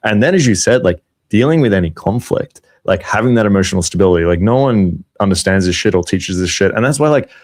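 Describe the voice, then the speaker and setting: A man with a notably low voice talking on a podcast. He is blunt and profane, and he leans heavily on filler words as he speaks. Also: lively intonation, fast talker, few pauses, darkish tone. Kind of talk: casual podcast chat.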